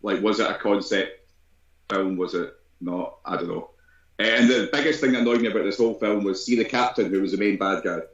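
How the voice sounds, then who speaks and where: A man talks over a film on a podcast, blunt and sweary, restarting his sentences as he goes. His voice sits fairly low. The recording has a roomy echo and a dull, lo-fi tone. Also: fairly quick. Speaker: podcast co-host. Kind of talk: casual film review chat.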